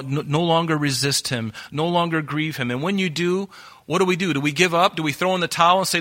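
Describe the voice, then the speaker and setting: A man preaching a sermon as pastor, animated and acting out quoted voices. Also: fairly high pitch.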